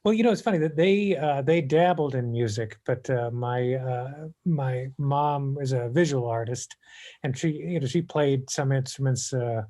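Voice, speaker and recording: A man from Illinois, a guest musician answering interview questions in a halting way, with many pauses and fillers. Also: mid-range voice, warm tone. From Illinois, USA.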